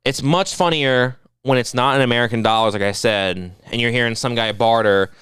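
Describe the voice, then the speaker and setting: A man's voice: mid-range voice, brisk, clear, resonant tone, no room sound, clean studio sound. A man co-hosting a podcast, chatting casually and telling comic stories, acting out voices and swearing freely. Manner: animated storyteller who acts out haggling voices. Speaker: podcast co-host. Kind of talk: casual comedic chat.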